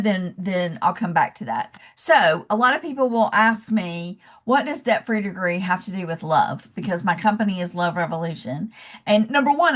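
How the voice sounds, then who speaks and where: A woman with a Southern US accent giving a casual, encouraging webinar presentation as a coach over a video call. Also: mid-range voice. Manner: chatty and encouraging, says y'all and calls listeners love.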